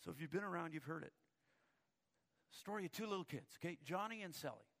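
A man's voice: on the high side, lively intonation, fairly quick, vocal fry, a bit bright. A male pastor preaching a sermon, telling a story and often repeating words as he starts a thought.

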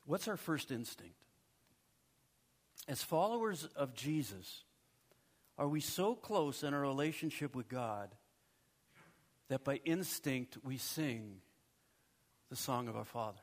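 A middle-aged male pastor preaching a sermon in a conversational way, with asides and quick check-ins to the congregation. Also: mid-range voice, animated.

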